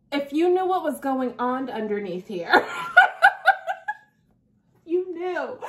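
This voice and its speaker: Woman, vlogger, high voice, unhurried, playful chat, frequent laughter. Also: a bit bright. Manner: chatty, laughs often, playful. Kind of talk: casual chat to camera.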